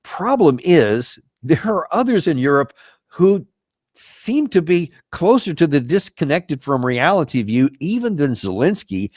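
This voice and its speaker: A man's voice: on the high side, very animated, measured pace, a little mellow, no echo, clean studio sound. A man hosting a show, giving emphatic, incredulous commentary on news clips. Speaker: host and military commentator.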